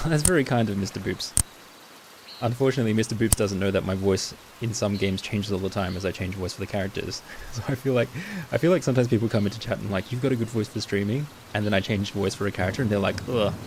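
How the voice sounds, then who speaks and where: A man streaming live in casual chat, who talks in a chatty way and answers his viewers with quick asides. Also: on the low side. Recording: steady rain noise behind.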